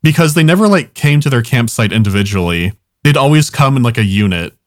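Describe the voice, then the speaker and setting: Young man, podcast storyteller, rambling, swears a lot, mid pitch, dry close sound. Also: animated, fairly quick, no room sound. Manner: rambling, swears often, laughs at his own stories. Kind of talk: casual storytelling chat.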